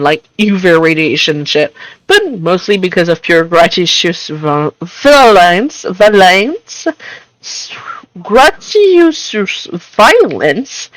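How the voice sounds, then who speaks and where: A woman's voice: fairly low pitch, no echo, poor audio. A woman doing a brash, swearing demon guy. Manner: boastful, swearing, aggressive. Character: brash violent young male demon.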